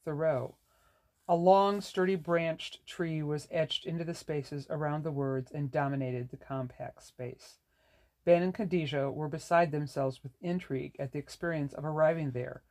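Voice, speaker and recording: A reader narrating a novel in a measured, even way. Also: medium pitch. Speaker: audiobook narrator. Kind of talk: scripted narration.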